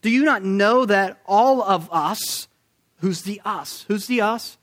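A male preacher with a notably high-pitched voice delivers a sermon. He is emphatic, stacks rhetorical questions and slows down to drive home his points. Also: a bit bright.

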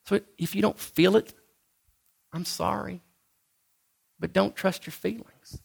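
A man preaching a sermon in a conversational, halting way, often restarting his sentences. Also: steady tone, vocal fry, breathy edge. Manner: acts out the Bible figures in a higher voice. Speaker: pastor.

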